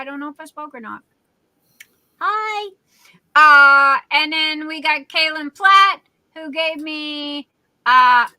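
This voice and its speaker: A woman's voice: sits high, bright, forceful tone, no echo, rough recording. A woman hosting a casual livestream, reading out viewer comments in a silly, chatty way. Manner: chatty and silly, self-described class clown. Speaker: livestream host.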